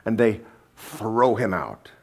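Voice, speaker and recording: A man preaching a sermon as pastor, animated and humorous, acting out the people in his story. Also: lowish voice, takes it slowly, creaky, slightly rough. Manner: animated storytelling, acting out quotes with shifting voices; sarcastic, humorous asides.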